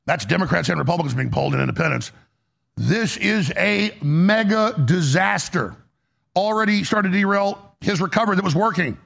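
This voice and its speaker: A man's voice: high voice, normal speed, vocal fry, a bit bright. A man hosting a political commentary show, heated and emphatic, often restarting his sentences.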